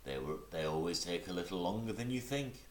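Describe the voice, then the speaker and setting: A man doing a brisk, matter-of-fact rabbit in a low voice that rises and falls a lot. There is a roomy echo around it. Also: expressive. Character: brisk, bossy male rabbit.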